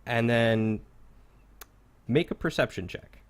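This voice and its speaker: A man's voice: medium pitch, takes it slowly, clear, resonant tone. A man narrating a tabletop game as game master, in a casual, filler-heavy manner.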